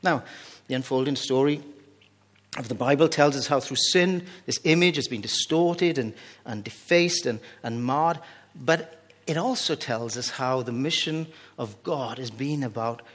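A man's voice: medium pitch, a little slow, a bit bright. A man preaching a sermon, reading scripture and telling jokey asides in a conversational way. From Wales. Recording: reverberant hall.

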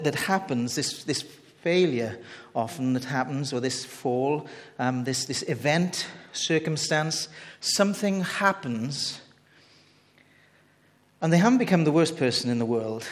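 A man preaching a sermon in a conversational, halting way, often restarting his phrases as he talks to the congregation. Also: medium pitch. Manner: conversational, halting with many repeated starts. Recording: long reverb from a large hall.

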